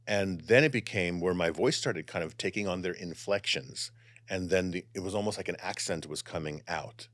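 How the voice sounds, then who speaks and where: A man with a low, deep voice speaks as a channeler guest in a conversation. He is animated and expressive, then shifts into slow, calm meditation guidance. The sound is close and dry, with no room echo. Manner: animated and expressive, softening into calm guided instruction. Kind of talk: casual conversation and guided meditation.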